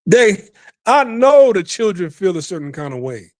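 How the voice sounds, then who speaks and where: Guy ranting on his podcast, swears a lot, kinda high voice, dry sound. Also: sing-song, normal speed, no echo. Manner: profane, rambling, repeats himself. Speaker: podcast host. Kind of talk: casual commentary.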